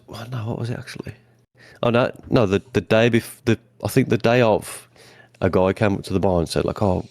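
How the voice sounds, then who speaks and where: A man's voice: deep voice, darkish tone, no echo. A man, a podcast co-host telling a story in blunt, casual chat with plenty of swearing.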